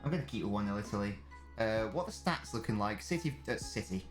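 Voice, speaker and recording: A man's voice: on the low side, lively intonation, quick pace, soft background music. A young man chatting casually on a live stream, joking and reading out viewers' messages. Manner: chatty, jokey, reads chat aloud.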